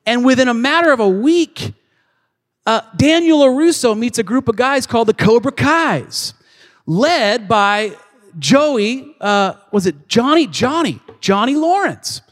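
A man's voice: very high-pitched, expressive, a little slow. A male pastor preaching a sermon in a church, telling a story animatedly and acting out its scenes. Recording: long reverb of a large hall.

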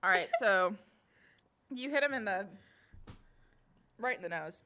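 A woman's voice: mid-range voice, lively intonation, measured pace, background noise. A woman running a tabletop game as game master, voicing a crude, swearing jailer who mocks his prisoners. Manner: brash, swearing, laughs often.

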